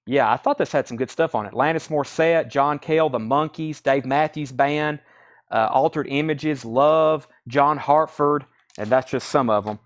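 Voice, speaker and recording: A man hosting a live record sale, listing titles and prices in quick auction patter. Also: mid-range voice. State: out of breath.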